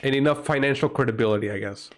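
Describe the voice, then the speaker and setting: A man from Portugal with a Portuguese accent talks fast at a medium pitch. He's a livestream host in a casual, rambling, profane chat, often bursting into exclamations.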